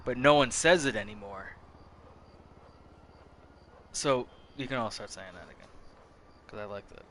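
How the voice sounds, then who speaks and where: A man's voice: mid-range voice, measured pace, bright, forceful tone, slight background noise. A man in his thirties giving casual gameplay commentary, rambling and swearing freely, often restarting his sentences. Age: 30s. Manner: rambling, profane, self-interrupting. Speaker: gameplay streamer.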